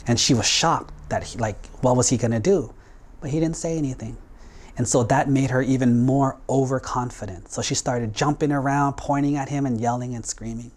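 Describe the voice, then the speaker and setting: A man's voice: medium pitch, steady tone, moderate pace. A male Buddhist monk telling a story in a sermon, in a casual, conversational way with acted-out quotes.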